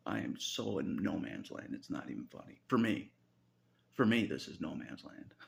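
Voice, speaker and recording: A man's voice: low-pitched, vocal fry, a little hiss or hum. A man rambling through a casual spiritual monologue, chuckling often, swearing and saying "you know" a lot.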